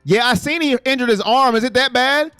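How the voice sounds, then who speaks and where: A man hosting a casual sports live stream and reading out fan comments, animated, swinging between low mutters and loud exclamations. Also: a little fast, clean tone, no echo, studio quality, soft background music.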